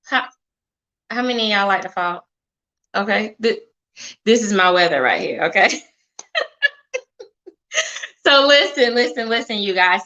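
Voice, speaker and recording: Hosting a live-stream talk show, a medium-pitched woman with a bright, forceful tone gets her viewers hyped and chats away, dropping "y'all" and "okay" constantly. The audio sounds dull.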